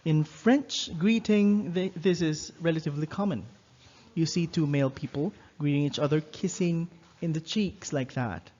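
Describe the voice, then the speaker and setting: Male teacher, slightly high voice, patient and explanatory, slow repetition for learners; dull lo-fi recording. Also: warm tone. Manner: explanatory, repeats words slowly for learners. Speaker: French teacher. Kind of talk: recorded online lesson.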